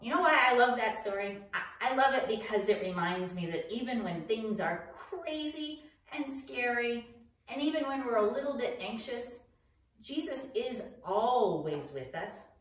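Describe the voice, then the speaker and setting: Animated woman telling a Bible story to kids. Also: on the high side, a little slow. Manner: animated, playful, dramatic for kids. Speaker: church school teacher. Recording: very echoey room, far from the mic.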